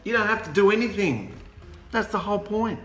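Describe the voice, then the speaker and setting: A man preaching an animated, humorous sermon, sarcastic and worked up. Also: high-pitched, a little fast. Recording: echoey room with music behind.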